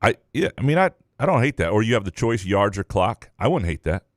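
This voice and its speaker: A man co-hosting a sports podcast as a columnist, talking in a measured, analytical way and weighing each point out loud. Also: lowish voice, big pitch swings, no echo, studio quality. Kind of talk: casual sports chat.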